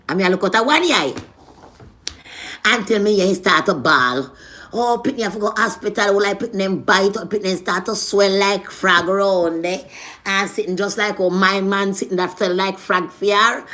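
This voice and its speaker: This vlogger, a Jamaican-accented woman with a mid-range voice, recounts something from her own life in a relaxed vlog format. Her delivery is lively and frank, full of profanity, jumping from loud bursts to quiet stretches.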